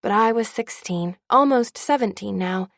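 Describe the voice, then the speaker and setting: A woman's voice: mid-range voice, moderate pace, creaky, dry recording, clean studio sound. A woman narrating an audiobook in the first person with a wry, candid tone.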